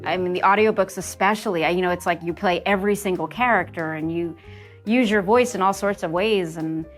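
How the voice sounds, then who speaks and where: Chatty, lively woman from New Jersey. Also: on the low side, faint music behind. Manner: lively and chatty, laughing and dropping into quick character voices. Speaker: voice actress guest. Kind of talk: casual interview talk.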